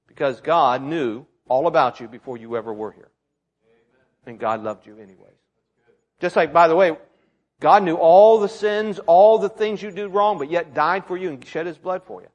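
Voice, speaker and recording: A man's voice: high voice, lively intonation, moderate pace. A middle-aged male pastor preaching a conversational sermon with rhetorical questions to a church congregation. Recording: long hall reverb.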